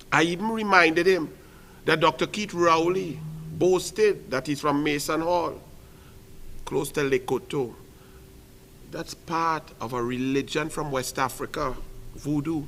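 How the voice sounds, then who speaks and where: Fiery Trinidadian man, sharp forceful voice. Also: high voice. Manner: fiery, rhetorical, repeats phrases with punch. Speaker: political commentator. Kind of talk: impassioned political commentary monologue.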